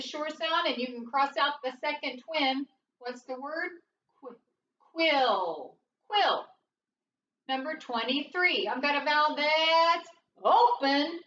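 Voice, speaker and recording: Lady phonics teacher talking it through step by step, high voice, dull roomy far-off recording w faint hiss. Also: sharp tone. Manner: slow, deliberate, thinking aloud. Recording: dull, roomy, distant mic with faint noise.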